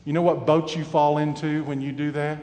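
Man, preacher, sermon, high voice, emphatic, loud then hushed, echoing hall. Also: flat delivery, a little fast.

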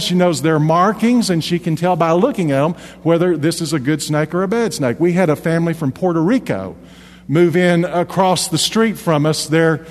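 A man's voice: a little high, in a large hall. A middle-aged male pastor preaching a sermon, mixing folksy personal stories with emphatic scripture points.

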